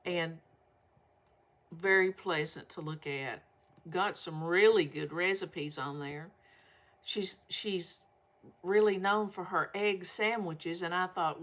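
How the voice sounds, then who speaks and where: A woman's voice: on the low side, steady tone, slow pace, a bit bright. An older woman, chatting folksily and rambling to her viewers as a vlog host. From Southern United States. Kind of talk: casual chat to viewers.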